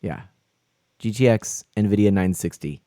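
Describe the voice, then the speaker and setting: A man's voice: fairly low pitch, measured pace, dark tone, no room sound, clean studio sound. A man live-streaming a game, chatting with viewers and exclaiming in flustered, laughing bursts.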